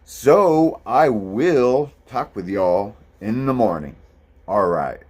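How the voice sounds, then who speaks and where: A man's voice: on the low side, animated, takes it slowly, a little mellow. A man, talking casually and rambling a bit as he vlogs about his hike. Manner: easygoing, rambling, lots of ums. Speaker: thru-hiker vlogger. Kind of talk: casual vlog monologue.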